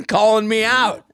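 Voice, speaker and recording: A man's voice: high voice, clean tone. A man co-hosting a podcast in casual chat, joking and reading listener emails aloud. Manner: animated, jokey, reads listener emails aloud. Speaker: podcast co-host.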